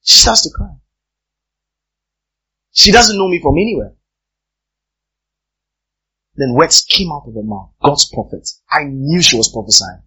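Husky, animated male preacher. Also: a little high, measured pace, long pauses, low-quality recording. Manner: emphatic, repeats phrases for effect. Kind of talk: sermon.

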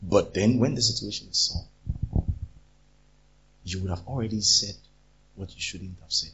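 A man's voice: fairly low pitch, moderate pace, long pauses, husky. A man preaching a sermon, acting out quarrels as he talks. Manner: animated, acts out quarrels in different voices. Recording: dull lo-fi recording.

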